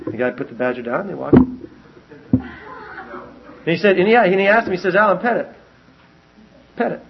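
A man preaching a sermon, telling stories with lively animation and repeating lines for emphasis. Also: high-pitched, a little fast, creaky, a crowd in the background. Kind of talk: sermon with personal storytelling. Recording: dull lo-fi recording.

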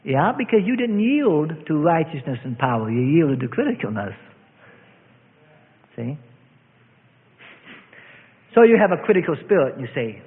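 A man preaching a sermon with dramatic swings between loud and hushed delivery, heard as a tinny lo-fi recording in a reverberant hall. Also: fairly high pitch, big pitch swings, moderate pace, pauses often.

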